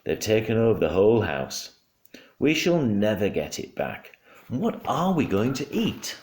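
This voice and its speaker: A man voicing a fussy, excitable mother with high, dramatic exclamations in a storybook reading. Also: a little slow, slight background noise. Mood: alarmed. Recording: roomy home room.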